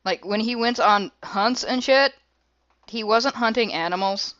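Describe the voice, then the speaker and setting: A woman playing a tabletop game, deadpan in her answers and quick to laugh. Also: a little high, lo-fi sound. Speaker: player. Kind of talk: casual tabletop play.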